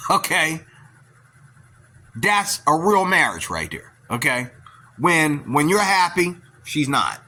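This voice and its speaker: Male commentator, bright and sharp-edged voice, blunt rambling opinions. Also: a little high. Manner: blunt, opinionated, keeps asking "okay?". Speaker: video commentator.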